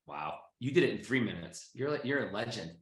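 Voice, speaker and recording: A man's voice: on the low side, very animated, fairly quick. A man from Boston hosting a podcast, talking in an effusive, friendly way with lots of fillers. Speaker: podcast host. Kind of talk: casual interview chat. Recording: roomy echo.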